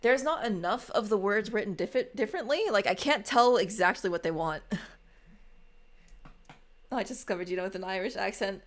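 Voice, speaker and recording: A woman's voice: medium pitch, a little fast, pauses often. A woman streamer giving casual commentary on a game, swearing freely and laughing often. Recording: game music playing under the voice.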